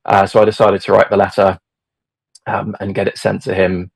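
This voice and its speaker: A middle-aged man tells a story in a relaxed, meandering way, full of fillers and restarts. His voice sits low and gravelly, with a husky edge. The recording is close and dry. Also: normal speed, no room sound. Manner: hesitant, many fillers and restarts. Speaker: podcast guest, football fan. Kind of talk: casual storytelling.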